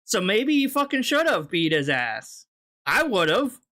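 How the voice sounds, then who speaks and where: A man's voice: high-pitched, very animated, slow pace, bright, forceful tone. A man hosting a reaction video, commenting with scornful, profane sarcasm.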